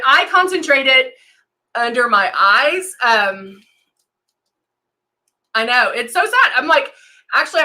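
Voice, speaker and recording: A woman with a bright, slightly high voice talks through her makeup routine on a live stream. Her talk is casual and chatty, full of ums and quick hellos to viewers by name. She speaks to a camera at her desk. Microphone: desk camera and monitor setup.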